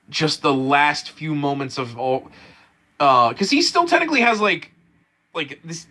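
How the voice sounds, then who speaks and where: A man casually rambling through an anime episode review, full of fillers, restarts and excitement. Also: a little high.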